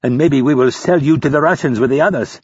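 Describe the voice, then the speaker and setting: A man's voice: medium pitch, fast, darkish tone, slightly rough, dry recording, muffled recording, pitched above the performer's own voice, natural voice. A man voicing a cruel, mocking male captor who taunts and interrogates a prisoner. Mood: menacing. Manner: menacing, taunting.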